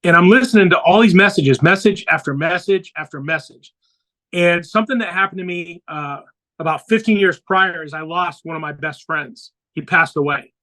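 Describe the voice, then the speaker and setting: A man's voice: high-pitched, moderate pace, pushed and bright, low-quality recording. A man on a podcast, earnestly telling a personal story and acting out the dialogue he quotes. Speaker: podcast guest.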